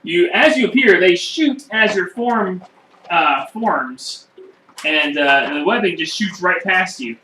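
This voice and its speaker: A man narrating as game master of a home tabletop game, animated, with quick voiced asides and many fillers. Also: high voice, slight background noise. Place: room at home. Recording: echoey room, far from the mic.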